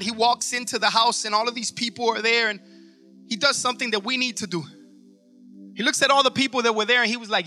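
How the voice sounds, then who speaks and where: Passionate male preacher, quiet one moment and shouting the next, with a bright, piercing tone. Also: very high-pitched, fairly even intonation, quick pace, soft background music. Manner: swings from soft to shouting and fervent. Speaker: pastor. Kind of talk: sermon. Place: church.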